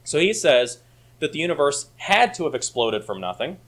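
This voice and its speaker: A man's voice: on the high side, sing-song, normal speed, fairly bright tone. A man teaching a church Sunday school class, arguing his points emphatically and reading passages aloud. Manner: emphatic, rising to argue points.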